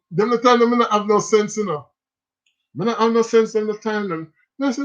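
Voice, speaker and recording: High-voiced Jamaican man telling stories. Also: a little fast. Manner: animated, laughs often, speaks in patois. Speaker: livestream host. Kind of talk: casual storytelling. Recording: slightly dull lo-fi sound.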